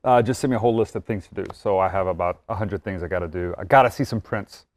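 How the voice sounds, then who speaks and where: A man's voice: on the low side, fast talker. A young man from Texas, a carpenter, chatting easily as a guest on a TV show. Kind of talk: casual TV interview.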